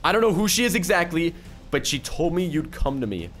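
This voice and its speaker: A man hosting a gaming channel, giving excitable, exclamatory commentary as he plays and reading other players' chat aloud in his own voice. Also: a little high, fairly quick, faint music behind. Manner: excitable, exclamatory, keeps repeating "oh my goodness". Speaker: YouTuber gaming host. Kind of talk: let's-play gameplay commentary.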